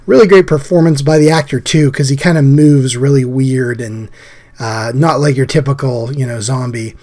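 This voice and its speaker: A man hosting a casual drawing chat, his voice scratchy and hoarse from a recent illness, talking in an easygoing, chatty way. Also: medium pitch, dark tone. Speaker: host.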